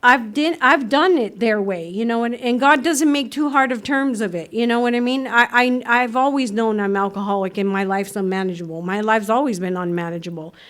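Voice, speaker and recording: A woman speaking at a recovery meeting, telling her story in a lively way, acting out voices and laughing often. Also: a little high, fairly quick, hardly any pauses. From United States. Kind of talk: personal recovery talk. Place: meeting room.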